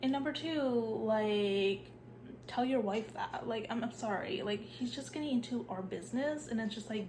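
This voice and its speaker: A woman's voice: on the high side, normal speed, noisy background. A young woman, sick with a cough and sore throat, chatting casually in a vlog and saying "like" a lot. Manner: chatty, says "like" a lot, drops to a hushed whisper at times. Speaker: vlogger.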